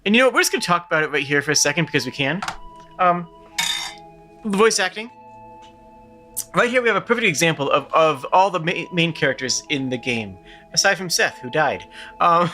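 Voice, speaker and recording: A man's voice: on the high side, sharp tone. A man streaming a retro game, chatting about how he voices its characters, with faint music behind. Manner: chatty, explaining with frequent restarts.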